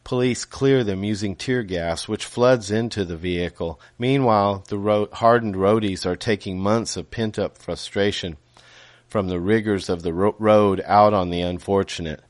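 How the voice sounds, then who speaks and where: A man reading his own novel aloud in a measured way, with small self-corrections and casual asides. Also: sits low, dry recording.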